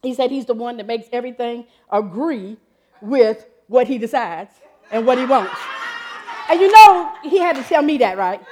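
A woman in her fifties delivers a sermon with lively, excitable energy. Her somewhat high voice swings up sharply when she gets excited, and she laughs often as she talks. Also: moderate pace, crowd noise, background noise. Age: 50s. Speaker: preacher.

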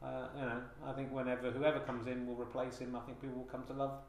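A man with a medium-pitched voice speaks fast, with little rise or fall in pitch. He hosts a comedy podcast, rambling through a mock-solemn monologue full of hesitations and restarts. It's captured on a handheld digital recorder in a roomy, echoey space.

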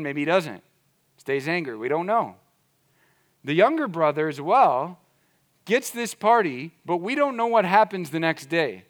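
A man's voice: high voice, fairly bright tone. A man preaching a sermon as a pastor, earnest and emphatic, repeating his key points.

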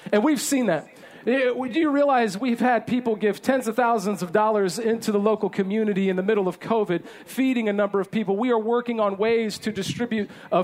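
Man, pastor, sermon, high voice, animated storytelling. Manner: storytelling, animated, self-deprecating.

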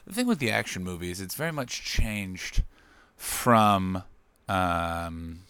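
Brief: male podcast host, rambling comic monologue, smooth voice, close dry mic. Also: low voice, slow pace, no echo. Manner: rambling, jokey, loud bursts of excitement. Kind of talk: solo comedic podcast monologue.

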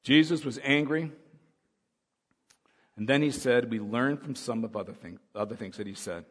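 A male pastor giving a sermon, swinging from soft musing to loud, urgent preaching. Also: medium pitch, moderate pace. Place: church hall. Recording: long hall reverb.

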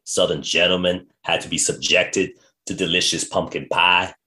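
A man hosting a podcast, telling history in a casual, animated way and reading quotes aloud. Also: sits low, normal speed. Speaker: podcast host.

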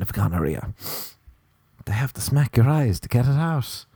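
Male podcast host, gravelly mid-range voice, dry close mic, rambling crude self-mocking comic. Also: medium pitch, very animated, normal speed, dark tone, no room sound. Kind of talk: solo comedic monologue.

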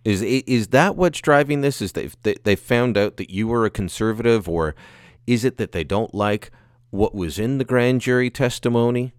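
A man's voice: mid-range voice, normal speed, no echo, clean studio sound. A man hosting a podcast interview, asking pointed questions in a conversational way. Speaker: podcast host.

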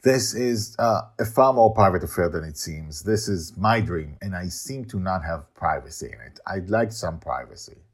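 A man's voice: low-pitched, expressive, normal speed, hardly any pauses, breathy edge, heavily acted. A man doing a charming, defensive grown man.

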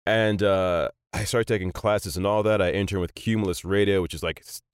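A man in his thirties, a voice actor, telling stories in a casual chat, animated and laughing often. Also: low-pitched, brisk, clear, resonant tone, no room sound. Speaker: voice actor guest.

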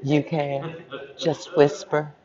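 A man on a discussion panel shares advice in an unhurried, conversational way, speaking at a very slow pace. The recording sounds a little dull and muffled. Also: on the high side, level tone, long reverb tail, crowd noise. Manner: unhurried, conversational, chuckles while telling stories. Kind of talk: relaxed storytelling advice.

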